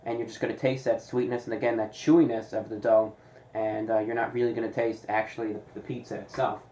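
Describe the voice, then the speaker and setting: Dry-humored man reviewing fast food. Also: lowish voice, flat delivery, mellow, reverberant, slight background noise, rough recording. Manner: deliberate, dry sarcastic asides.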